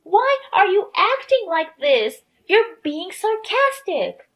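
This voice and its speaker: A woman's voice: high voice, big pitch swings, unhurried. A woman voicing a sick young wife who sounds self-pitying and pleading, in a narrated storybook drama. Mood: whiny.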